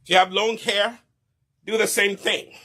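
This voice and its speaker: A middle-aged man demonstrates hair care on camera, lecturing his viewers like a stern teacher. His voice sits a little high and sounds bright and tense, and he keeps asking whether they understand. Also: level tone, normal speed. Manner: preachy, repeats questions like "Okay?" and "Do you understand me?". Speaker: hair care business co-owner demonstrating products.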